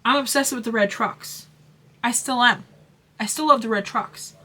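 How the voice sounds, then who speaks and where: A woman's voice: a little high, normal speed, bright, forceful tone. A woman craft vlogger chatting casually about her haul, gushing and rambling with lots of fillers and restarts.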